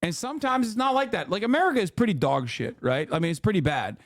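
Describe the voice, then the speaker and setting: A man in his thirties hosts a stream, trading quick, profane, sarcastic commentary. His voice sits a little high, recorded close and dry on a studio mic. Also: expressive, no room sound. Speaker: streamer host. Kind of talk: casual commentary.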